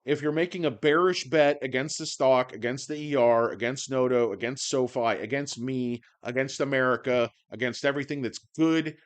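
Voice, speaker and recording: A man with a worn-out, hoarse voice, rambling and swearing through a stock-market video monologue, with sardonic asides and loud rants. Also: medium pitch, moderate pace, hardly any pauses. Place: indoors under bright lights.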